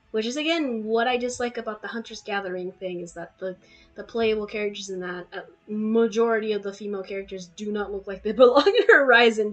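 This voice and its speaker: A woman's voice: medium pitch, rough recording. A young woman playing a fan-made game, rambling with lots of fillers and laughing as she reads the story text aloud. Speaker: game streamer. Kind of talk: let's play commentary and reading aloud.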